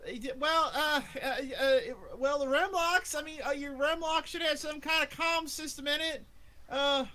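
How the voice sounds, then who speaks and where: A man's voice: extremely high pitch, fairly even intonation, normal speed, sharp tone. A man narrating as game master, hesitant, with many ums and uhs.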